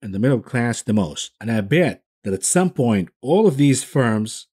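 A man's voice: mid-range voice, big pitch swings, moderate pace, a little mellow, husky. A man hosting a finance show, delivering a combative, sarcastic market commentary monologue.

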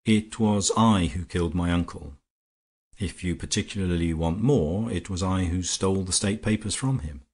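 A man reading a grave, composed gentleman detective. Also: low-pitched, husky. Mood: calm, grave. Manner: measured, composed, explanatory.

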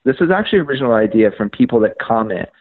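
A man telling his story as a podcast guest, animated, acting out conversations and using lots of "like" and "um". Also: mid-range voice, racing, breathy edge, narrow, tinny audio. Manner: frequent fillers like "like" and "um". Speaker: podcast guest, media outlet founder.

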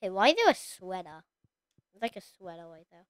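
A woman streaming a video game, chatting casually and talking to the characters on screen with sudden excited exclamations. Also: mid-range voice, fairly quick, clear, resonant tone, dry recording. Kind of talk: casual gameplay commentary.

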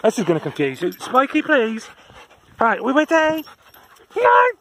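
A woman's voice: a little high, big pitch swings, normal speed, fairly bright tone. A woman walking dogs outdoors, cooing and chuckling at them in a sing-song baby talk for her video diary. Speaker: dog walker. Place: outdoors on a dog walk.

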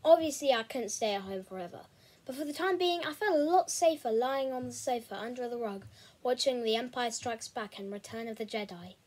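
Woman, storybook narrator, expressive, breathy, fairly high voice. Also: a little fast. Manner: chatty with fillers in intro, expressive when reading. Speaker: host reading a novel aloud. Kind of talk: storybook read-aloud narration.

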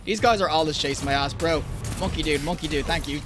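A young man giving live gameplay commentary, excitable and slangy, talking straight to his viewers and bursting into yells and laughter. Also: on the high side, fast, music in the background. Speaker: gaming video creator.

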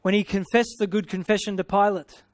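Australian male preacher, high voice, exclamatory, close dry recording. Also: fairly even intonation, fairly quick, dry recording. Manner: exclamatory, punctuating with hallelujah and amen; playful, paraphrasing scripture in everyday speech. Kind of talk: sermon teaching.

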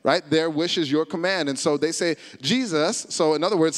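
American guy preaching, kinda high voice, keeps getting the crowd to repeat stuff, big echoey church hall. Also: brisk, hardly any pauses. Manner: animated, repeats phrases and calls on the congregation to repeat. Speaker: pastor. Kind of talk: sermon. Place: church service, large hall. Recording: long hall reverb.

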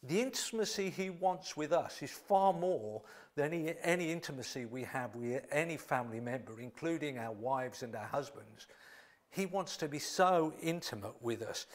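A man preaching a sermon in a church, dropping to hushed near-whispers, then building to loud, excited exclamations. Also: medium pitch, moderate pace.

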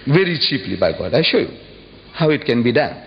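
A man giving a public lecture in an animated, emphatic way, pressing his audience with rhetorical questions. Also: mid-range voice, a little fast, vocal fry, a little hiss or hum. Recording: dull lo-fi archive recording in a reverberant hall.

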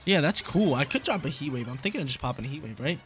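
A man's voice: on the high side, expressive, fast, a bit bright. A young man thinking aloud as he commentates his own game, casual and full of slang, often repeating his lines. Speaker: gaming YouTuber. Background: game music.

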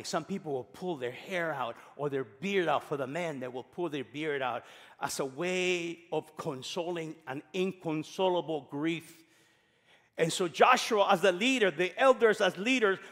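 Man, pastor, emphatic sermon, high voice, long church reverb. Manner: animated, emphatic preaching.

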